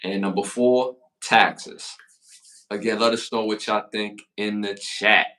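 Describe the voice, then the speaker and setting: A man with a Brooklyn accent and a fairly low voice hosts a casual hip-hop podcast. He talks in energetic, slang-heavy bursts, giving shout-outs to viewers in the chat. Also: slow pace. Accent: Brooklyn, New York. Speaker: podcast co-host.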